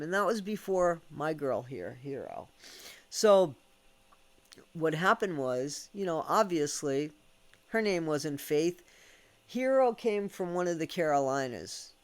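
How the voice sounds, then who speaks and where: A man's voice: a little high, clean tone. An American man telling a candid, rambling story at home, swearing casually and laughing between thoughts. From United States. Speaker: vlogger. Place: at home with his dog.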